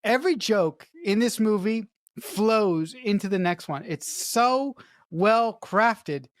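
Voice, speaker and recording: A podcast co-host gushes about a film in casual, emphatic chat, swearing freely and restarting sentences. The voice sits at a middle pitch. The recording is dry and close. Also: expressive, slow pace, dry recording. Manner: enthusiastic, emphatic praise with swearing and repeated restarts.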